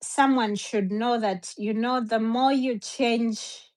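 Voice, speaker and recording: A woman's voice: a little high, fairly even intonation, takes it slowly, darkish tone. A woman guest telling her story casually, hesitant, with German words mixed in. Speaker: interview guest.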